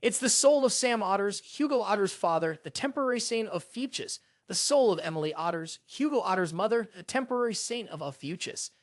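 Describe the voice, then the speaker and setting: Male narrator as a proud sun god, indignant, high and animated, storybook recap. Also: brisk, hardly any pauses, dry recording, clean studio sound. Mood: calm. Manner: indignant, complaining.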